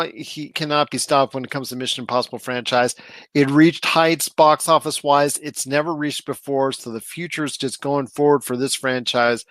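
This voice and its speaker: Man, podcast co-host, mid pitch, enthusiastic movie chat, dry sound. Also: fairly bright tone, no echo. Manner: enthusiastic, emphatic, drawn-out phrasing. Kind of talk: casual movie review chat.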